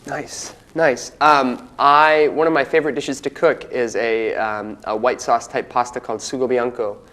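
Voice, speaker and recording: A man's voice: mid-range voice, fairly even intonation, moderate pace, fairly bright tone. Young man, flustered, rambling, stammering, mid-range voice, comedic dating game show. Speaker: bachelor contestant.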